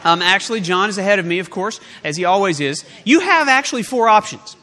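A man preaches in a church, his voice high and bright as he jokes with the congregation and acts out what people might say. The sound carries a long reverb from a large hall. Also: animated, fairly quick. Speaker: pastor. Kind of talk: sermon. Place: church sanctuary.

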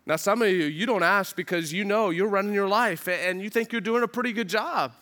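A man preaching a sermon as pastor, earnest and urgent, asking the listeners questions and acting out what they might say, dropping low and quiet for emphasis. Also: a little fast. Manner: earnest preaching with rhetorical questions and quoted voices.

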